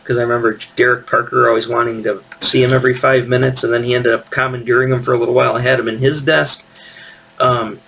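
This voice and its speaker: A man's voice: medium pitch, little pitch movement, quick pace, creaky, fairly bright tone. A man in his fifties telling a rambling, casual story as host of his own show, often correcting himself. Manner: rambling, self-correcting, acts out quotes. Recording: voice distant from the mic.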